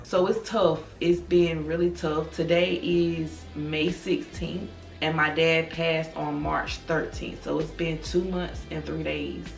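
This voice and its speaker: A grieving woman in her thirties speaks slowly in a low, subdued voice, confiding in her viewers. She sits back from the microphone in a roomy space, and faint music plays underneath. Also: flat delivery, creaky, far from the mic. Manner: slow, soft-spoken, confiding, calls listeners girl and y'all. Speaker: vlogger. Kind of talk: personal direct-to-camera talk.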